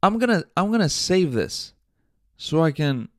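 With a slightly high voice, this man is very animated yet unhurried as he hosts his solo podcast. Casual and rambling, he jokes, swears constantly, and talks to himself. The sound is clean studio quality with no room ambience.

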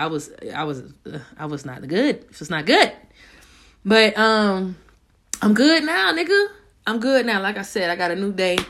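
Young woman host, casual solo podcast, slangy and profane, a little low-pitched. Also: fairly bright tone. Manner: loose, profane, slangy storytelling.

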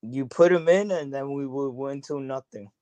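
A man's voice: mid-range voice, normal speed, over a noisy crowd. A man calling into a sports chat, giving terse, short answers.

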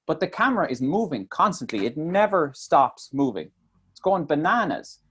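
A man's voice: a little high, normal speed, husky. A man in casual chat, reviewing a film with mocking asides and swearing. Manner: animated, swearing, mocking impressions. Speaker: podcast co-host.

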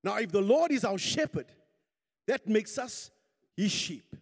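A man with a strikingly high voice preaches to his congregation, calling on them to answer back and climbing into shouts. The sound rings with the long reverb of a church hall. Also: lively intonation, measured pace. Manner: call-and-response preaching, urging the congregation to repeat; rising to shouts at peaks. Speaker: pastor. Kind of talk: sermon.

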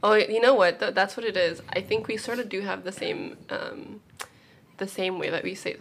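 A woman's voice: mid-range voice, moderate pace, creaky. A young woman rambling through stories in a casual, wry chat among friends.

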